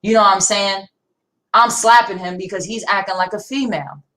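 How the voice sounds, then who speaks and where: A woman's voice: medium pitch, fairly even intonation, brisk, a bit bright, low-quality recording. A young woman, talking bluntly and defiantly with heavy profanity in a casual livestream discussion. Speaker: livestream co-host.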